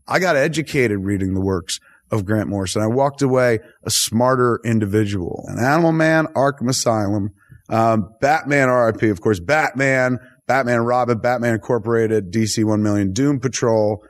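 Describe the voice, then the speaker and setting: A man hosting a podcast interview, talking in an excitable, effusive and profane way. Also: medium pitch, normal speed. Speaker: podcast host.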